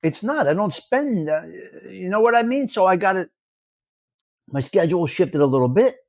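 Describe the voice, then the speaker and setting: A man chats live with his viewers, greeting them by name and teasing the ones who argue with him. His voice sits high for a man. The sound is dry and close, with no room around it. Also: moderate pace, dry recording. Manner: animated, teasing, reads out viewer names and comments. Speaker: livestream host. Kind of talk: casual live chat with viewers.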